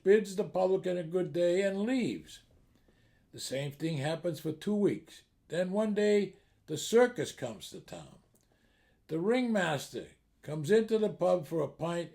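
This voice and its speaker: Gravelly man telling jokes. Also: fairly high pitch. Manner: storytelling, steady build-up to punchlines. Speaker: joke teller. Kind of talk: comedic joke telling.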